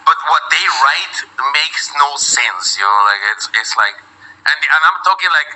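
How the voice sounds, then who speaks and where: Dude rambling and swearing on a stream, super bright tone, keeps restarting sentences. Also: male voice, a little high, lively intonation, normal speed, poor audio. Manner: rambling and profane, with repeated starts. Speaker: streamer co-host. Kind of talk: casual chat.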